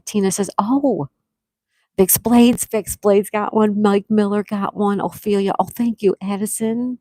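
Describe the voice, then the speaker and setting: A woman hosting a live stream, reading chat comments and excitedly thanking viewers, with frequent gasps. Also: mid-range voice, a little slow, no echo. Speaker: livestream host.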